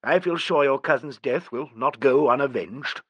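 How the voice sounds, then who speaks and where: A man voicing a dry, fussy older English gentleman in an audiobook, speaking in a brisk, clipped, well-spoken manner. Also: medium pitch, no room sound, muffled recording, natural voice. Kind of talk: audiobook character reading.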